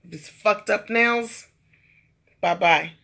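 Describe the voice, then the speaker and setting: Young woman venting on her vlog, bright voice, cusses a lot, does all the voices. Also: medium pitch, drawn-out words, creaky. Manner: animated storytelling, acts out quotes; swears freely. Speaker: vlogger. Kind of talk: ranting storytime vlog.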